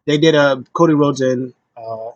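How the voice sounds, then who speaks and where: A man's voice: mid-range voice, moderate pace, dry recording, highs cut off. A man hosting a casual solo wrestling recap, rambling with lots of fillers and slipping into quoted voices. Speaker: wrestling show recap host.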